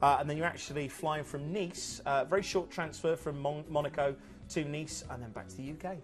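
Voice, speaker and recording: Male TV cruise presenter, upbeat, chatty, slightly higher voice, faint music behind. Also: fairly even intonation, fairly quick. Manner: chatty, many fillers, upbeat. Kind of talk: enthusiastic sales chat.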